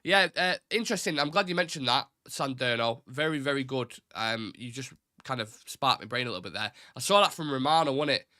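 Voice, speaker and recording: A man's voice: mid-range voice, no room sound, clean studio sound. A young man from Salford with a Mancunian accent, hosting a live fan show and reading out chat questions in a blunt, opinionated way. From Salford, Greater Manchester. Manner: blunt, opinionated, swears, fast and animated. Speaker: host of a fan talk show. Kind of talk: live-stream chat, reading viewer comments.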